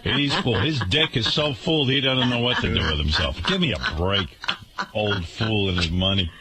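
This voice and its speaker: A man's voice: fairly low pitch, moderate pace, heavy background noise. A man hosting a radio talk show, delivering an indignant, sarcastic rant to his listeners.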